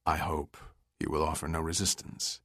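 A menacing pirate leader with a rasping, cold delivery, as a male narrator puts him on. The voice sits very low and quiet, with no warmth at all. It sounds close and dry. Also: flat delivery, normal speed, dry recording, exaggerated voice.

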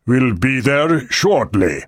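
A man voicing a courteous male government aide who speaks formally, in a raised, husky voice. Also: medium pitch, sing-song, slow, dry recording, studio quality, heavily acted. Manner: polite, formal hospitality.

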